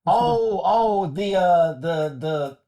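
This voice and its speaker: A man's voice: high voice, lively intonation, very slow, mellow. A man hosting a podcast, chatting casually with hesitant, laid-back phrasing. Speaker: podcast host. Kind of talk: casual chat.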